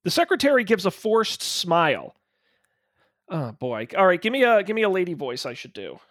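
An animated male game master narrating a detective story, his voice pitched high and swinging widely. Close, dry sound. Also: moderate pace, no room sound. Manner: animated noir narration with playful asides.

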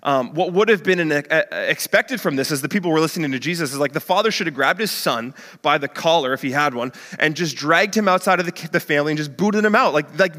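A male pastor delivers a sermon in a chatty, conversational way, often slipping in "like". His voice sits a little high for a man. A long hall reverb trails after each phrase. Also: bright, forceful tone.

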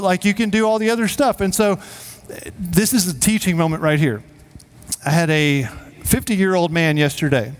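A man preaching a sermon as pastor, in a casual, joking way with quick asides to the congregation. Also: high-pitched. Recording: long reverb of a hall.

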